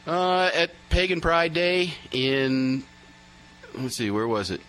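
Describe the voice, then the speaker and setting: A man's voice: fairly high pitch, expressive, slow, fairly bright tone, poor audio. A man being interviewed as a musician, chatting casually with many fillers and restarts. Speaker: musician guest.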